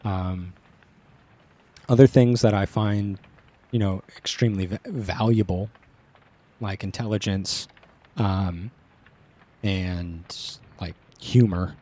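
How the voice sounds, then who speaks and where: A man's voice: low voice, steady tone, takes it slowly, long pauses, warm tone. A man streaming a story game, rambling casually with crude jokes and lots of fillers. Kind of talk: casual let's-play commentary.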